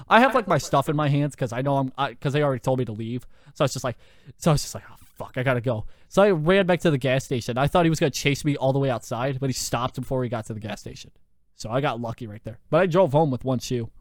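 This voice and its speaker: A young man hosting a podcast, telling a story in a lively, profane way with lots of fillers, into a handheld mic. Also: medium pitch, no echo, studio quality. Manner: animated, profane, full of fillers. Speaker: podcast host. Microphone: handheld microphone.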